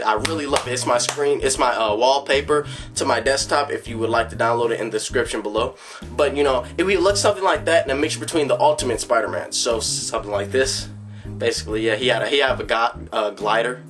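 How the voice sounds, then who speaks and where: A man with a mid-range voice talking casually and excitedly, rambling through his ideas with lots of fillers and restarts. He jumps into bits of dialogue as he goes, his pitch shooting up when he gets worked up. Faint guitar music sits underneath. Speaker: fan vlogger. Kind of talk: casual fan commentary.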